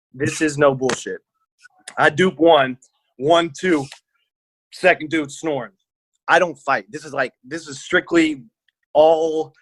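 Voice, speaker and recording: A man's voice: fairly high pitch, fairly bright tone, dry recording. A man casually telling a story on a podcast, rambling and slangy, acting out what people said. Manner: rambling, slangy, acts out quotes. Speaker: podcast co-host.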